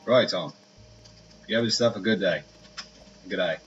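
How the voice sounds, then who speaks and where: A man's voice: deep voice, moderate pace, fairly bright tone, soft background music. A man putting on a posh British gent. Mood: courteous. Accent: put-on British. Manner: formal, courteous, says sir. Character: overly polite English gentleman in a game. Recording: dull lo-fi audio with hiss.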